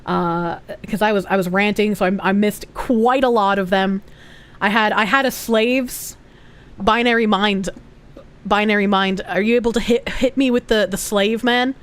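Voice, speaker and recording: A woman's voice: mid-range voice, steady tone, normal speed, clean tone. A young woman with a Boston accent chatting casually on a live stream, rambling, giggly and swearing freely.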